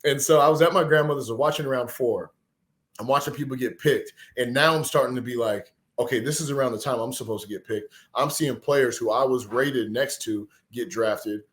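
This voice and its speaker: A man in his forties from Texas tells a personal story as a podcast guest. His voice sits at a middling pitch, and his delivery is animated, earnest and emotional. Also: moderate pace. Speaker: podcast guest, former pro football player. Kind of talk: conversational storytelling.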